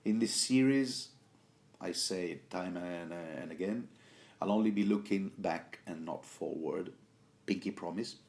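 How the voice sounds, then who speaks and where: A man's voice: low voice, unhurried, creaky, a little mellow. A man hosting a rambling, casual book commentary, full of self-corrections and jokey asides.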